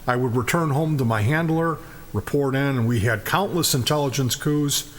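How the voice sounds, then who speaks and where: A man's voice: medium pitch, moderate pace, close to an everyday voice. A man voicing a boastful talking dog who spins tall tales in a joke. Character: smooth-talking male talking dog, boastful spy.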